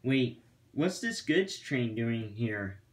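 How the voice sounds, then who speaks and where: A man's voice: medium pitch, sing-song, slow. A man voicing a scared young male tank engine who stammers in a panic in a storybook tale. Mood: worried.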